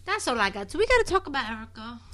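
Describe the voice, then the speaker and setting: A woman's voice: fairly high pitch, very fast. Blunt, teasing woman co-host. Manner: blunt, teasing, animated gossip. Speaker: podcast co-host. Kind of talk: casual chat.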